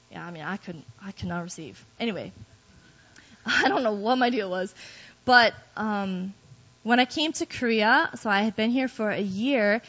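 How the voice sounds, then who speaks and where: A woman's voice: mid-range voice, fairly bright tone. A woman giving a personal testimony to a church group, telling her story candidly and poking fun at herself. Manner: candid, self-deprecating storytelling with laughs. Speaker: guest speaker giving testimony. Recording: dull lo-fi recording.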